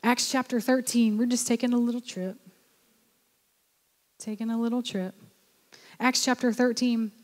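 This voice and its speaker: A woman's voice: fairly high pitch, level tone, moderate pace, long pauses, long reverb tail. A woman pastor preaching a sermon, exhorting her listeners and urging them on. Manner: exhorting, repeats "come on".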